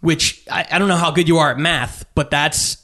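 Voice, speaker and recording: A man in his thirties tells a long story in a slightly high, lifted voice. He acts out quotes with swearing and moves easily between his own lines and everyone else's. He is a comedian in casual conversation. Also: steady tone, moderate pace, a bit bright. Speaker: stand-up comedian guest.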